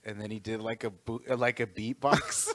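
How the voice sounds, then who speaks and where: A man's voice: on the low side, fairly even intonation, moderate pace, a bit bright, no room sound. A man hosting a podcast from his home, teasing his co-host playfully and swearing freely in casual banter.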